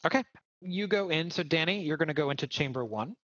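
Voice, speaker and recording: A man runs a tabletop game, hesitantly explaining the rules with frequent fillers. His voice sits a little high. The recording is dry and dull, like a cheap mic. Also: animated, fast, a bit bright, no room sound. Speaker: game master.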